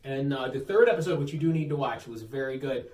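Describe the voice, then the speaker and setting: A man's voice: mid-range voice, fast. A man co-hosting a casual talk show, bantering and telling jokey stories with a Western New York accent. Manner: animated, jokey storytelling. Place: underground bunker room. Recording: echoey room, distant mic, faint hiss.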